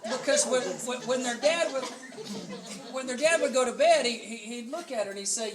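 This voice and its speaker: A keynote speaker with a very high voice keeps a moderate pace as he delivers a folksy, joking, self-deprecating banquet speech. The mic sits far off in a roomy hall, with heavy background noise and the audience's laughter clearly audible.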